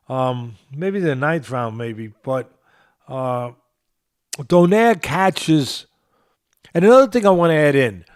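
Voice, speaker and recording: A man's voice: on the high side, a little mellow, no echo, clean studio sound. A man in his sixties with a New York accent, breaking down a boxing match as a podcast host, emphatic and repeating phrases for emphasis. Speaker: boxing trainer and show host. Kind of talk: boxing analysis podcast talk.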